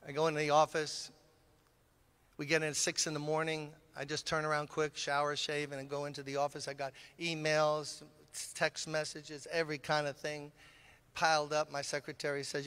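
A man's voice: a little high, smooth. An older man from Brooklyn, a pastor telling a story in a sermon and acting out the voices in his conversations. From Brooklyn, New York. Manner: animated, acts out both sides of conversations. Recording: long hall reverb.

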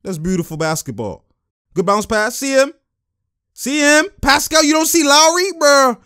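A man giving a casual, excitable breakdown of basketball game footage, with lots of slang and exclamations. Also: extremely high pitch, normal speed, no echo, clean studio sound. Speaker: basketball commentator.

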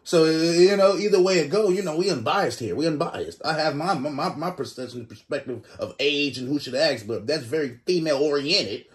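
A man's voice: fairly high pitch, fairly quick, few pauses. A man in his twenties hosting a reaction video, joking in loose slang. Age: 20s. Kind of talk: casual reaction commentary.

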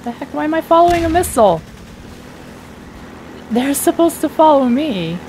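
A woman giving casual let's play commentary, chatty and teasing the enemies, her voice slightly hoarse. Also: high voice, sing-song, moderate pace, darkish tone, slight background noise. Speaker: gamer playing a shooter.

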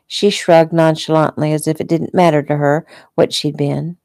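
Author reading her novel at home, a woman with a low, mellow voice, dry close sound. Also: moderate pace, gravelly, few pauses, no echo. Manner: relaxed, unpolished reading with small slips. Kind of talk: casual read-aloud narration.

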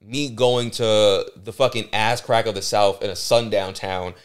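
A man's voice: on the low side, fairly even intonation, measured pace, smooth. Blunt, profane man on a podcast. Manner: blunt and profane, emphatic, restarts words. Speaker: podcast host. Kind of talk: casual podcast commentary.

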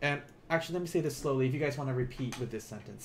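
A man teaching a live online language lesson, explaining patiently and repeating phrases slowly for learners. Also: mid-range voice, slight background noise.

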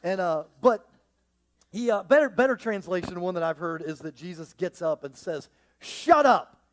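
A male pastor preaching a sermon to his congregation, animated and joking, swinging between hushed and loud. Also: high voice, normal speed. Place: church with a live congregation.

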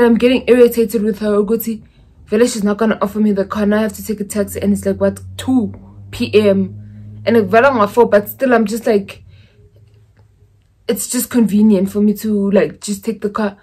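A woman's voice: medium pitch, steady tone, normal speed, breathy edge. A young woman from South Africa with a South African accent, chatting casually in a vlog and slipping in Zulu phrases as she rambles through stories. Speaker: YouTuber.

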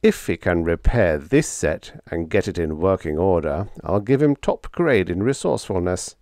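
A man's voice: sits low, animated, moderate pace, darkish tone, no room sound, clean studio sound. A man voicing a stern, grave male inspecting captain who speaks in a commanding way in a storybook reading.

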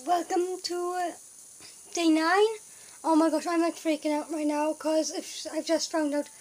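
A woman's voice: high-pitched, low-quality recording. A young woman, chatting in a rambling, flustered vlog with lots of filler words. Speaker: vlogger. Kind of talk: casual vlog chat.

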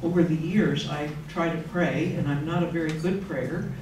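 Speaking at a normal speed in a low, darkish voice, an older woman who is a religious sister talks earnestly and personally, in a conversational way, at a retreat hall. A little hiss or hum is present, and the distant mic picks up an echoey room.

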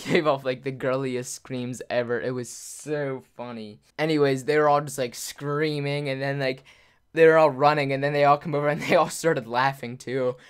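A man's voice: mid-range voice, steady tone, moderate pace, smooth. Rambling young man telling a story. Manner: rambling, full of "like", laughs often. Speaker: YouTuber. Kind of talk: casual storytelling to camera.

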